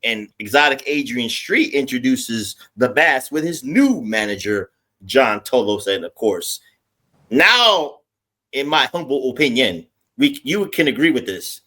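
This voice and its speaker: A man hosting a casual podcast, emphatic and lively, putting questions to his co-host. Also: medium pitch, a little slow. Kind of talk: casual chat.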